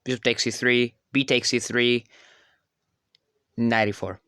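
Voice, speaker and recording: A man's voice: mid-range voice, flat delivery, unhurried, pushed and bright, smooth, no room sound, clean studio sound. A man giving casual, rambling commentary over his own chess games, often stopping to correct himself. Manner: rambling, self-correcting, filler-heavy. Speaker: chess channel creator.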